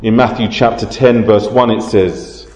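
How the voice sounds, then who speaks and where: A man preaching a sermon, explaining scripture in a measured way. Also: lowish voice, steady tone, a little mellow. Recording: roomy hall reverb.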